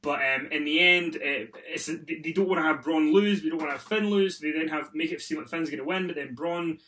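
A man's voice: on the high side, fairly quick, sharp tone. A man, hosting a casual podcast, sweary and exasperated, rattling off a recap with lots of ums. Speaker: podcast host. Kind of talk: casual wrestling podcast chat.

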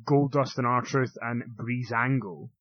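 A man co-hosting a casual wrestling chat, chatty and quick to laugh, often stumbling over his words. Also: mid-range voice, fairly even intonation, dry recording. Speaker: wrestling podcast co-host. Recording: dull lo-fi dry sound.

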